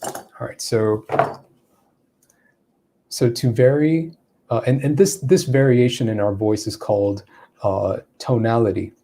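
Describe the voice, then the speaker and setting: A man's voice: medium pitch, measured pace, pauses often, mellow, a little hiss or hum. A man giving a live-streamed English lesson, explaining step by step and acting out spoken examples. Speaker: English teacher.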